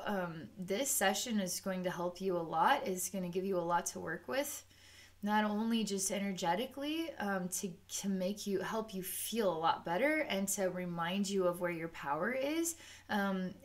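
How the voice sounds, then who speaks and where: A woman's voice: mid-range voice, moderate pace. Woman psychic reader; rambling, filler-heavy delivery that drifts into quoted asides. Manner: rambling and unscripted, with many "um"s and "like"s; acts out the chakras in quoted asides. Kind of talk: spoken energy-healing session.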